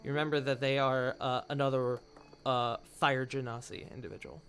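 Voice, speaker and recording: A man's voice: medium pitch, flat delivery, normal speed, a bit bright, slight background noise. A man running a tabletop game as game master, narrating casually with many fillers and restarts.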